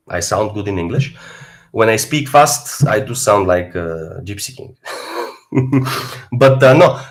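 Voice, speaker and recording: Bulgarian-accented male fitness streamer, young, casual and animated, big pitch swings. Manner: animated, swings from low mutters to loud outbursts. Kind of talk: casual live-stream talk.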